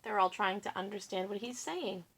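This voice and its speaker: A woman reading a picture book aloud to children, expressive and pausing to explain. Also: medium pitch, vocal fry, a little hiss or hum.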